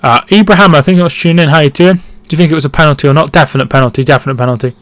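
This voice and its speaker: A man's voice: a little high, racing, fairly bright tone, no echo. A man hosting a live football watchalong, chatting casually, reading out viewer comments and reacting to the play. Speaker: football stream host.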